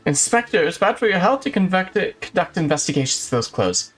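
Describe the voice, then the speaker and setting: A man reading game dialogue aloud in character, voicing an eager, dutiful young female assistant in a brisk, earnest way. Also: sits high, sing-song, fairly bright tone, slightly rough, soft background music, voice pushed up, full character voice.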